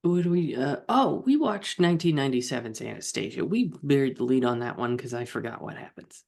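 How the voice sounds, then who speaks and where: A man's voice: medium pitch, lively intonation, a little fast, creaky, a little mellow. A man co-hosting a casual comedy podcast, playful and jokey with theatrical flair. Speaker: co-host.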